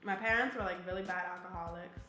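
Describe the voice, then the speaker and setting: In a lowish voice that's steady, fast, and sharp, a young woman from New Jersey talks bluntly and with plenty of profanity about her own experiences. She's an army soldier being interviewed; faint music and a roomy echo come through.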